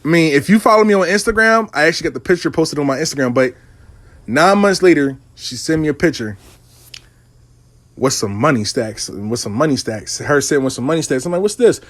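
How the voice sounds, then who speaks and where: A man's voice: fairly high pitch, a little fast, no echo. A man telling a casual, profanity-laced story about his money coaching clients. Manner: animated, profane street talk.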